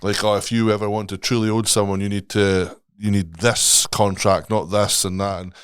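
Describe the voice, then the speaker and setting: Low-voiced man, sweary rambler. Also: little pitch movement, moderate pace, clean tone, no room sound, studio quality. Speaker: podcast guest. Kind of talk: casual podcast chat.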